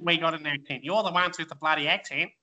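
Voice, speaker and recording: Guy on a panel chat, bright high voice, cheeky back-and-forth. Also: fast talker, lo-fi sound. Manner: playful banter. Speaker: panel guest.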